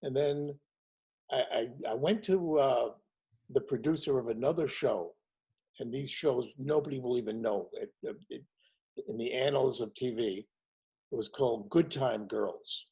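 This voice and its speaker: A man in his sixties, a comedian guest telling his show business stories in a lively way and acting out the people he quotes. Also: medium pitch, measured pace, husky, poor audio. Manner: animated storyteller acting out quotes in other voices. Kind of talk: casual storytelling chat.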